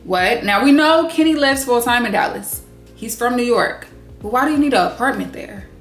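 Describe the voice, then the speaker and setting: A woman's voice: a little high, normal speed. Blunt, cussing woman recapping reality TV. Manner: blunt, swears freely, animated asides. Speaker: recap vlogger. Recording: echoey room with faint music.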